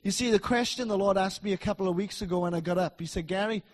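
A middle-aged man preaching a sermon in a church, emphatic and repetitive, swinging between loud declarations and soft asides. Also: high-pitched, quick pace.

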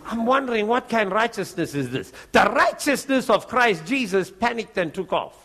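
A male preacher tells a testimony in a lively way, breaking into laughter and acting out each voice in the story. His voice sits high for a man. It has a bright, forceful edge. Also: moderate pace, slight background noise. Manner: animated, laughs often while telling the story.

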